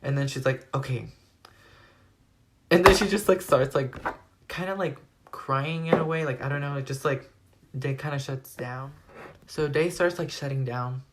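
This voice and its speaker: A teenage guy recounting a story for his vlog. He rambles along, stacking "like" into almost every phrase as he retells events. His delivery is lively and storytelling-driven. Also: medium pitch, normal speed, pauses often, heavy background noise. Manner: rambling, animated retelling full of "like". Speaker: vlogger.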